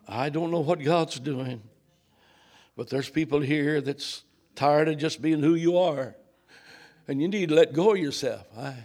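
A man's voice: a little high, measured pace. Man preaching a charismatic sermon. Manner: chants and prays loudly, drawn out and rising; plain, conversational explaining between prayers. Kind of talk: charismatic sermon with prayer and tongues. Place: church sanctuary with a congregation.

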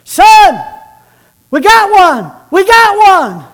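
A preacher puts on a bossy middle-aged father on a hunt, calling out plans and hollering to his son. The voice runs high and loud and sits inside a sermon story. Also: fairly even intonation, normal speed. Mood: shouting. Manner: directing, then shouting.

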